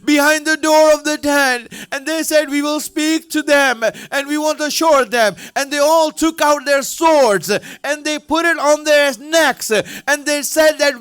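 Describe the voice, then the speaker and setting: A man delivering an emotional sermon as a story, repeating lines and at times shouting or breaking into tears. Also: extremely high pitch, measured pace, few pauses. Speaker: speaker at a religious center. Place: religious center hall.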